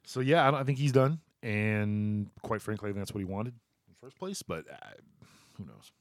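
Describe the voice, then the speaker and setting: A man's voice: on the low side, a little fast, dry recording. A man co-hosting a casual sports talk show, loose and joking, often trailing off and restarting.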